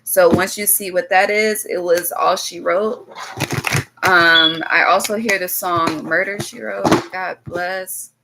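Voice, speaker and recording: A woman's voice: lowish voice, fairly even intonation, slow pace, creaky, very noisy. A woman giving a loose, casual tarot reading to her viewers, blunt and swearing freely, drifting into chatty asides. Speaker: tarot reader.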